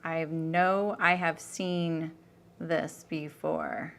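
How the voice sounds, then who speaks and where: A woman's voice: sits low, steady tone, extremely slow, gravelly. Chatty woman sewing and thinking aloud. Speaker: sewing livestream host. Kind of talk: casual chat while sewing.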